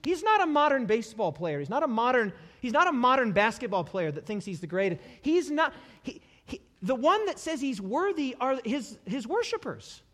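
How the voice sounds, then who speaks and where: A male preacher giving a sermon to a live congregation, animated and repetitive, dropping humorous asides. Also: very high-pitched, moderate pace, few pauses. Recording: long hall reverb.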